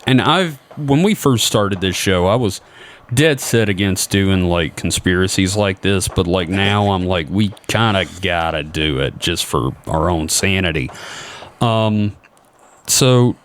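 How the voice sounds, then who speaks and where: Low-voiced joking podcast co-host man. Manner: joking, profane, quick interjections. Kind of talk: casual chat.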